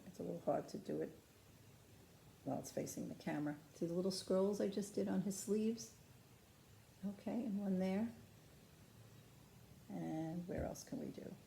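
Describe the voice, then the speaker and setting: A woman's voice: lowish voice, normal speed, creaky, long pauses, a little hiss or hum. A woman patiently demonstrating ceramic painting step by step, chatting to the camera as she works. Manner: calm, patient, chatty instruction. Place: craft studio.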